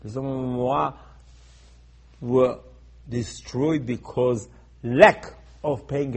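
A man with a delivery giving a sermon, telling stories dramatically and swinging between loud outbursts and hushed lines. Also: fairly high pitch, slightly rough. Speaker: rabbi giving a Torah talk.

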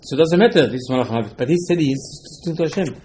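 A rabbi teaching Torah in a soft, mellow male voice pitched a little high. He presses his points with rhetorical questions and slightly broken English, over a faint hiss of background noise. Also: lively intonation, rapid-fire, poor audio. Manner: emphatic, fires rhetorical questions. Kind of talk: Torah lesson.

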